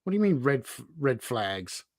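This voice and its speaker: A man's voice: mid-range voice, very animated, moderate pace, no echo, studio quality. A man guesting on a casual livestream, candid and self-deprecating, laughing often. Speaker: guest toy channel host.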